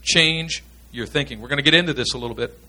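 A man's voice: medium pitch, fast, bright, forceful tone. A man teaching in a sermon style, earnest and emphatic, repeating his key points. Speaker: pastor teaching pastors.

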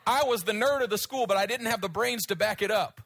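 A middle-aged man preaching a sermon in a storytelling way, swinging from loud pleading to hushed, low speech. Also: fairly quick, vocal fry, no echo.

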